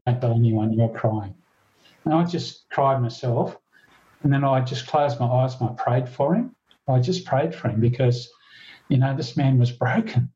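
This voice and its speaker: A man tells his story in an earnest, halting way, often restarting his sentences and quoting others. His voice is mellow and dark at a middling pitch. The recording is dull and lo-fi. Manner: earnest, halting, with many restarts and quoted dialogue. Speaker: former police officer and guest. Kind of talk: recounting a story in an interview.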